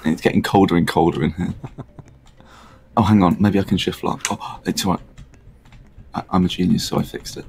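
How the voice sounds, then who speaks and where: A man with a British accent co-hosting a gaming video, wry and deadpan. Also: low-pitched, a little fast, long pauses, rough recording. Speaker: gaming co-host. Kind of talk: casual gaming chat.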